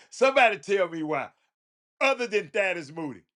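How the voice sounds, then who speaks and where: Houston guy hosting a sports stream, high voice all over the place, laughing, chatting with viewers. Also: normal speed. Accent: Houston, Texas. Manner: animated, laughing, talks to chat. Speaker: livestream host. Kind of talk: casual sports talk stream.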